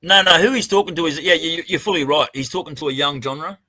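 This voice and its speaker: Australian man, slightly high voice, crisp dry sound, casual live-stream chat, swears a lot, rambling stories. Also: fast, sharp tone, dry recording. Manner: swearing, rambling storytelling with restarts. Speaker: co-host. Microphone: video call.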